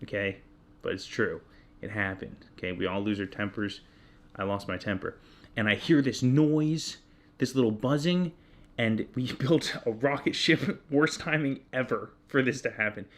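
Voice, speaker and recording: A man in his thirties telling a personal story in casual chat, candid and self-deprecating, getting animated when he retells his own yelling. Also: on the low side, normal speed. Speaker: podcast co-host.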